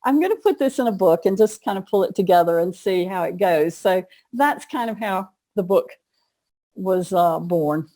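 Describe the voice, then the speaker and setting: A middle-aged woman author and coach speaks in a warm, mellow voice. She tells her stories in a chatty, easygoing way. Her pitch sits in the middle of the usual range. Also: animated, moderate pace. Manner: chatty storyteller, laughs often. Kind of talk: casual interview conversation.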